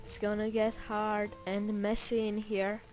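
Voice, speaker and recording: A woman's voice: mid-range voice, monotone, measured pace, music in the background. A woman giving casual gameplay commentary in a playful, rambling way, with joking asides to herself. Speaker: gameplay narrator.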